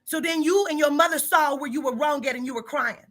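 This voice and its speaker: A woman's voice: high voice, fairly quick, a bit bright. A woman who runs a psychic reading business, confronting a staff member in a profane, emphatic monologue full of repetition.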